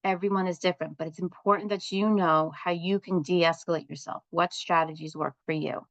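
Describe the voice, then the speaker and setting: A woman leading a parent support group, explaining steps calmly and asking the group questions. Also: lowish voice, a little fast, no echo, muffled recording. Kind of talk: instructional talk to a group.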